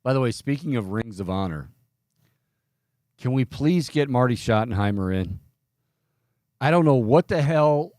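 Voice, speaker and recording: A man's voice: mid-range voice, animated, normal speed, long pauses, darkish tone, no echo, clean studio sound. A man hosting a sports radio talk show, rambling and opinionated, often cutting himself off mid-sentence. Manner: rambling, self-interrupting, opinionated. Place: radio studio.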